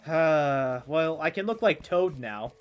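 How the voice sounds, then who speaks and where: A slightly high, animated, smooth voice belongs to a man streaming a game slowly, with faint music in the background. His casual gameplay commentary rambles with stammers, self-mocking humor, and frequent cursing.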